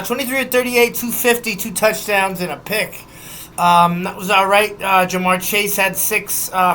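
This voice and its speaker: A young man with a bright, forward voice hosts a casual sports rundown. He rattles off scores in quick lists and drifts into loose, swearing asides. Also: high-pitched, a little hiss or hum. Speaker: sports podcast host.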